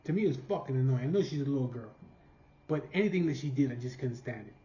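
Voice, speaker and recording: A man's voice: medium pitch, animated, fast, mellow. A man from California telling a rambling, profanity-filled family story in casual storytelling. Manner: profane, rambling, laughing at his own story. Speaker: vlogger. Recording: roomy, slightly dull sound.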